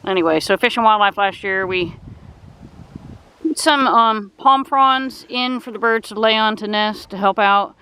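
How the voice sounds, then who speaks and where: A woman's voice: mid-range voice, unhurried, bright, forceful tone, clean tone, low-quality recording. A woman vlogging outdoors by a pond, talking casually into a handheld camera as she walks, chatty and rambling, correcting herself as she goes. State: out of breath. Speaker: nature vlogger. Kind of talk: casual walking narration. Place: outdoors at a wildlife refuge pond.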